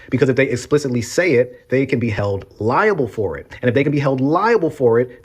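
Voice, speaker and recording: A man talking through politics at a middling pitch. He builds his case step by step, plain-spoken and steady, with an argumentative edge. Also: breathy edge. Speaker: political commentator. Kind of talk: reaction commentary.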